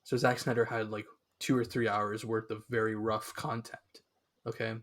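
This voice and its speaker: A man's voice: on the low side, level tone, moderate pace, fairly bright tone. A young man co-hosting a podcast in casual chat, rambling with lots of fillers and restarts. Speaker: podcast co-host.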